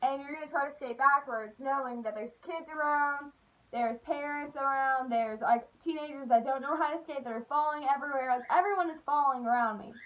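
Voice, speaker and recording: A young woman telling stories in a chatty, animated way, full of "like.". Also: sits high, brisk, highs cut off. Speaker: vlogger. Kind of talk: casual storytime.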